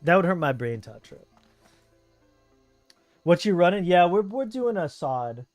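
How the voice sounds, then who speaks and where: This is a man with a Southern Californian accent, chatting easily while he streams a game. His voice sits a touch high, and he talks in loose, rambling runs full of fillers. The sound is dry and close, with music playing faintly behind. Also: sing-song, measured pace, a little mellow, dry recording. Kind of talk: casual chat while gaming.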